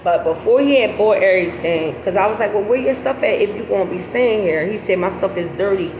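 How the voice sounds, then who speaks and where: Talking fairly quickly, a middle-aged woman shares a casual, animated story, cursing freely and leaping into high-pitched laughs. Loud background noise and apparently passing vehicles fill the echoey recording.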